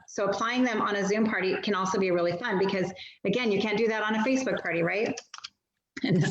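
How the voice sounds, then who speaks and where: A woman's voice: medium pitch, a little hiss or hum. A woman, a stylist training other sellers, giving a casual, chatty product demo full of self-deprecating asides. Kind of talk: casual instructional demo on a video call. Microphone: video call mic. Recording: dull, roomy video call audio.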